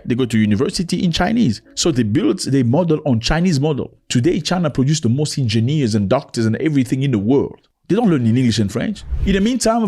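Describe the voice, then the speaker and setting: A man's voice: on the high side, darkish tone. A man giving an opinionated commentary, preachy and emphatic, repeating his points and calling the listener "my brother".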